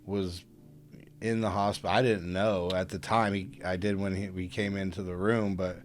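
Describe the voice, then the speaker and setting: A man, a podcast guest, telling a personal story in a casual, animated and humorous way. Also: sits low, normal speed, soft background music.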